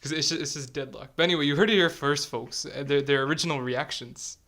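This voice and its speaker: A young man in his late teens hosting a podcast, joking around and asking quick follow-up questions in casual chat. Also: a little high, steady tone, bright, forceful tone. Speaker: podcast host.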